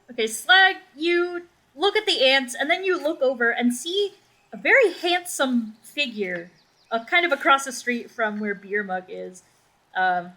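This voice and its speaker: A woman's voice: high voice, bright, forceful tone, rough recording. A young woman narrating as game master in a casual, rambling way.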